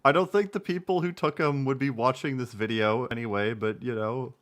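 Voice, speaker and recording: A man's voice: medium pitch, fairly even intonation, brisk, fairly bright tone. A man in his twenties, casually commenting on a live stream, rambling and repeating himself. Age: 20s.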